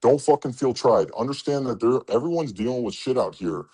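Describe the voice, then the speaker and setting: Here the trucker coach sounds mid-range, dark-toned and slightly rough, talking animatedly and a little fast. His delivery stays blunt and full of swearing, with quoted exchanges acted out.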